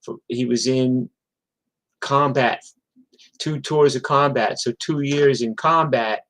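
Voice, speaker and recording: Profane rambling musician telling stories. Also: male voice, medium pitch, fairly even intonation, slow, a bit bright, rough recording. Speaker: touring musician. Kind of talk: casual storytelling on a livestream.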